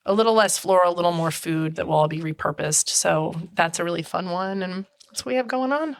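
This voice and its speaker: A woman's voice: fairly low pitch, brisk, creaky, dry recording. A woman guest on a podcast, chatting casually, telling stories, acting out quotes and laughing often. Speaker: guest, event designer.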